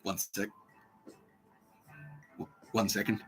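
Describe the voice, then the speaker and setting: A man's voice: on the low side, fairly even intonation, takes it slowly, a bit bright, soft background music, low-quality recording. A man hosting a podcast, talking in a rambling, profane solo monologue and acting out quotes in voices. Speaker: podcast host.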